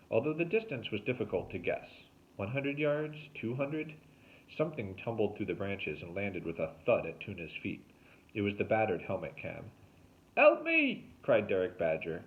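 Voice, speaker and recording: Low-voiced man reading a novel aloud. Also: brisk. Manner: expressive storytelling with lively pitch. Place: home, remote recording. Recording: tinny phone-like sound.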